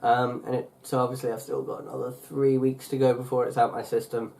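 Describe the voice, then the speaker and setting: Young male vlogger, mid-pitch, chatty and meandering, lots of fillers and self-corrections. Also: little pitch movement, fairly quick, gravelly, a little mellow. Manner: rambling, full of fillers and restarts. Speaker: YouTuber. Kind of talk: casual vlog chat.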